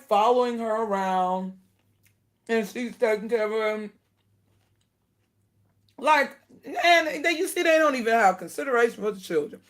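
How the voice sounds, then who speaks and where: A woman giving casual spoken commentary to her viewers, indignant and animated, laughing between her points. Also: on the high side. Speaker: video commentator.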